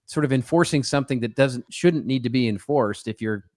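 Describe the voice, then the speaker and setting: A man's voice: mid-range voice, fairly quick, darkish tone, no echo, studio quality. A middle-aged man co-hosting a podcast in casual banter, telling stories in a chatty, wry way and often restarting his sentences. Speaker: podcast co-host.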